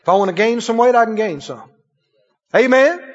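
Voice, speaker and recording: A man's voice: extremely high pitch, expressive, moderate pace. A man preaching a sermon, chuckling often and asking the congregation questions. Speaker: pastor. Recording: dull, lo-fi sound in a reverberant hall.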